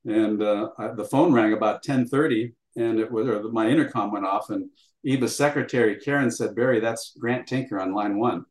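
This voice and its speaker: A man's voice: fairly low pitch, moderate pace. An older man recounting a story as an interview guest, acting out dialogue as he goes, with frequent fillers. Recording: roomy echo.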